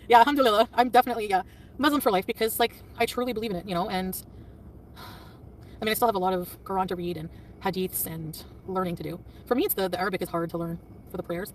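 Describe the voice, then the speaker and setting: Speaking quickly in a mid-range voice, a woman runs a casual livestream, defensive and ready to snap back at her chat, often laughing as she does. She's seated away from the mic, and faint traffic hums in the background.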